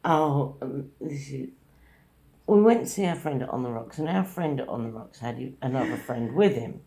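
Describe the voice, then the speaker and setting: Lively woman telling a story. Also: very deep voice, normal speed, gravelly, reverberant. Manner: animated anecdote-telling, quotes others. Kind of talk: casual chat.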